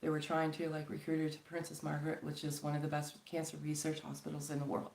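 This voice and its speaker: A woman from Canada speaks on a casual live stream, earnest and pleading, with rambling sentences full of fillers. Her voice sits a little low, and it rings in an echoey room. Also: monotone, fast talker, gravelly, a little mellow, a little hiss or hum. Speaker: spiritual channel host.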